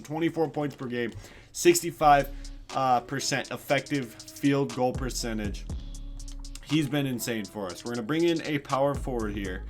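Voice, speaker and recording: A young man giving excited play-by-play commentary over a basketball video game, hyping big plays, sometimes yelling and casually swearing. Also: mid-range voice. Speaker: gaming YouTuber.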